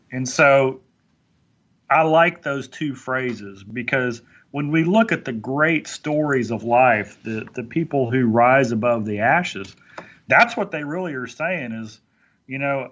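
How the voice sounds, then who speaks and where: Man, motivational podcast talk, earnest and preachy, mid pitch, muffled lo-fi audio. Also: animated, measured pace, fairly bright tone. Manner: earnest, preachy, with many restarts. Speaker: podcast guest speaker.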